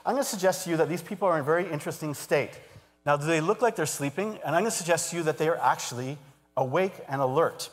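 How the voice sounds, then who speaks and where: A man's voice: a little high, quick pace. Man hypnotist on stage, hall reverb. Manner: soothing trance suggestions mixed with lively explaining to an audience. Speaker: stage hypnotist giving a talk. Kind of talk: live stage talk with hypnosis demonstration. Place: large auditorium stage.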